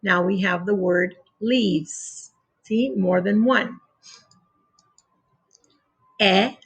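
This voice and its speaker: A woman leads a children's phonics lesson at an unhurried pace, sounding out each word one letter at a time. Her voice carries a gravelly fry with a husky edge, and she patiently repeats every rule. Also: mid-range voice. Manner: spells words sound by sound with clear pauses. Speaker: teacher. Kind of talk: slow, deliberate phonics lesson for young children.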